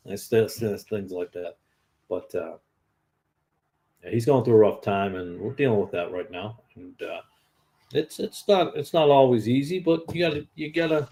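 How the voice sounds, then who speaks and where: A man's voice: fairly low pitch, moderate pace, warm tone. A man in his fifties with a Northern US accent, giving an informal, earnest sermon as a lay preacher. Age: 50s. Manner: earnest and conversational.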